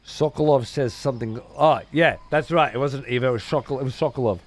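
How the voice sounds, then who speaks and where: This let's play streamer, a young man, speaks at medium pitch in a brisk way. He keeps up profane, casual commentary during gameplay and thanks his viewers.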